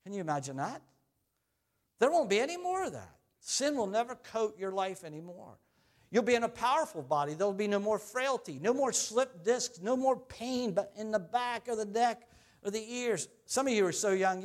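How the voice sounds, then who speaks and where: Middle-aged man, pastor, sermon, slightly high voice, conversational, swings loud to quiet. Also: lively intonation, moderate pace.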